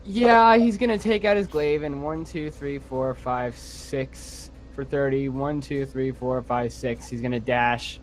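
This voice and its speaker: Blunt player counting dice out loud. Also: mid-range voice, measured pace, hardly any pauses, slight background noise. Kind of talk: casual tabletop game chat.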